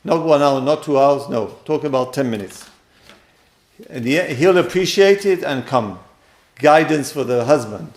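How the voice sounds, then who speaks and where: A man's voice: mid-range voice, lively intonation, moderate pace. A man giving a spoken lesson on marriage, emphatic and direct, often repeating his key points to listeners. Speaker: teacher giving marriage guidance. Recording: roomy echo.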